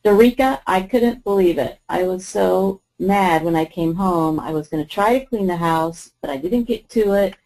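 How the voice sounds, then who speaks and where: A woman's voice: on the low side, moderate pace, few pauses, a little mellow, lightly acted, poor audio. A woman playing an upset wife venting. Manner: venting, frustrated. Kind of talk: improvised role-play.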